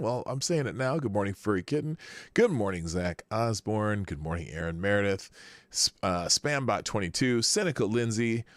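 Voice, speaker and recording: A man's voice: lowish voice, very animated, normal speed, dry recording. A man hosting a live morning stream, casually greeting chatters by name with rambling asides and self-corrections. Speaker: live show host. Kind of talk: casual live-stream chat, reading viewer names.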